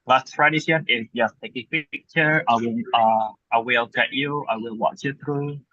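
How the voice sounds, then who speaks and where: Online class host, man, raspy voice, muffled dry recording, casual promo patter. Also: mid-range voice, fairly even intonation, normal speed, pushed and bright, no room sound. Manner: promotional, casual, filler-heavy.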